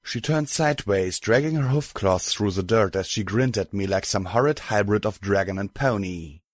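A man narrating a storybook in a steady, measured way. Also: lowish voice, no room sound. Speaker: audiobook narrator. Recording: dry close mic, faint music.

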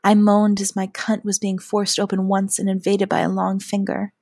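A woman narrating a first-person adult audio story in a soft, often half-whispered delivery. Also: medium pitch, monotone, moderate pace, vocal fry, no room sound, studio quality.

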